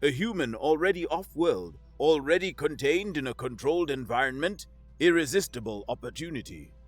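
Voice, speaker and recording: A man's voice: on the high side, expressive, moderate pace, no echo, faint music behind. Man doing a precise, nervous alien guide. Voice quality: synthesized-sounding. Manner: precise, clipped.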